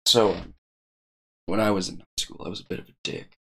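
A man's voice: lowish voice, fairly even intonation, a little fast, fairly bright tone, slightly rough. A young man co-hosting a podcast in casual chat, telling stories in a dry, profane way. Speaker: podcast co-host.

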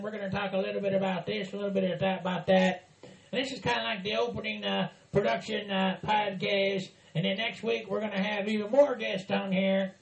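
A man's voice: high voice, little pitch movement, normal speed, creaky, a crowd in the background. A man hosting a casual podcast in a folksy hillbilly persona, rambling and teasing. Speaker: podcast host. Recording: roomy echo with faint music.

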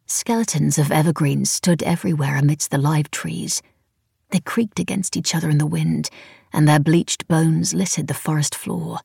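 A woman narrating a novel in the first person, with wry, even storytelling. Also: sits low, normal speed, vocal fry, slightly rough, no room sound, studio quality. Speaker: audiobook narrator.

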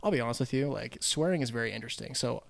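A young man telling stories in casual chat as a podcast guest, animated and laughing often as he acts out quotes. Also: mid-range voice, racing, gravelly.

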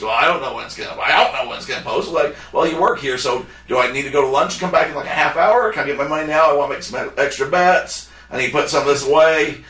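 A man's voice: fairly high pitch, echoey room, recorded from a distance. A man hosting a podcast, telling a story in casual chat and acting out what others said. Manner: animated, acts out quotes of others. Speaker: podcast host.

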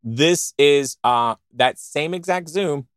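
Excitable man rambling through casual show banter. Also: fairly high pitch, slow, clear, resonant tone, dry recording, studio quality. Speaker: co-host of a podcast show.

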